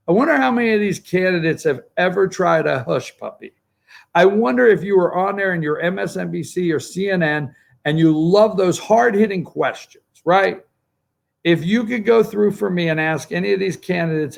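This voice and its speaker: A man's voice: a little high, animated, moderate pace, creaky. A man hosting a political talk show, rambling through commentary and calling up pictures for his producer. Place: studio.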